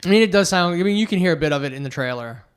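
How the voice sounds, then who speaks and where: A man's voice: high-pitched, animated, rapid-fire, clear, resonant tone. A man co-hosting a podcast, chatty and opinionated, with lots of fillers. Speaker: podcast co-host. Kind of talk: casual chat.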